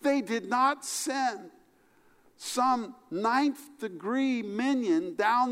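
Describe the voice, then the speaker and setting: A man preaching a sermon as pastor, animated, his voice climbing high for emphasis and falling low and soft. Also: extremely slow, long reverb tail.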